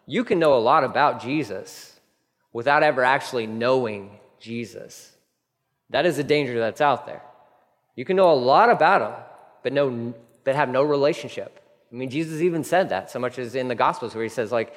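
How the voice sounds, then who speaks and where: A man preaching a sermon in an earnest, conversational way, dropping to soft, quiet asides. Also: mid-range voice, moderate pace, long reverb tail. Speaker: pastor.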